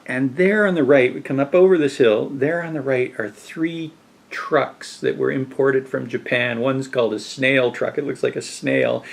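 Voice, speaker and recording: A man's voice: medium pitch, creaky. A man telling a rambling personal anecdote, with many fillers and chuckles. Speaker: storyteller. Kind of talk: casual anecdote.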